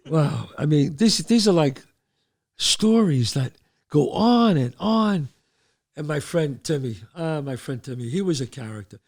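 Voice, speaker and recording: A man from the Bronx, hosting a show and telling stories, animated and acting out voices. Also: on the high side. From the Bronx, New York. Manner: animated, acts out voices, trails off mid-sentence. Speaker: host. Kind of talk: storytelling.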